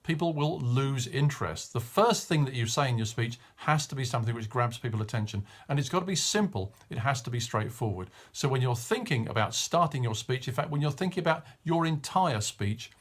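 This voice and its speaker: A middle-aged man delivers a short spoken coaching tip in a mid-range voice. He speaks in a clear, measured way and stresses the key words as he explains each point. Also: mid-range voice, expressive. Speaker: media coach.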